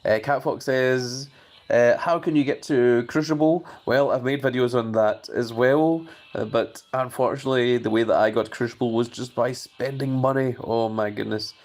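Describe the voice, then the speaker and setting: A man's voice: medium pitch, fairly even intonation, normal speed. A man hosting a live stream, chatting casually and reading viewer messages aloud.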